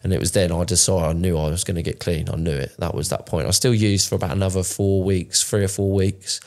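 A man's voice: deep voice, fairly even intonation, fast, darkish tone. A man, telling his own story in a candid, emotional podcast chat, swearing often and restarting his sentences. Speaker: podcast co-host.

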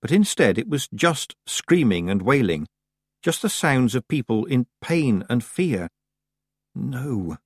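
Scripted audiobook narration comes from a man whose medium-pitched voice tells the story in a measured, expressive way. The audio is studio quality without any echo.

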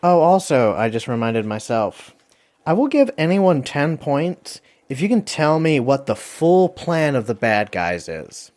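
A man's voice: medium pitch, big pitch swings, darkish tone. Rambling man hosting a movie quiz. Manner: rambling, lots of fillers and quick asides. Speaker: host of a movie review game show. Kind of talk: casual chat.

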